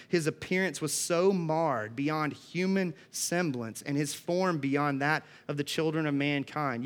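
A man preaching a sermon, earnest and emphatic, reading scripture aloud and explaining it. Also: medium pitch.

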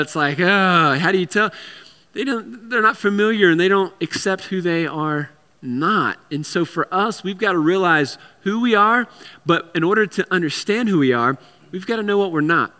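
A man's voice: sits high, normal speed, bright, forceful tone, smooth, long reverb tail. A man preaching a sermon in a conversational way, with repeated words and casual asides. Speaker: pastor.

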